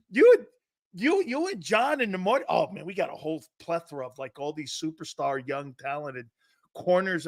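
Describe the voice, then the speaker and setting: A man hosting a sports talk show, brash and profane, arguing loudly with his co-host. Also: high voice, dry recording.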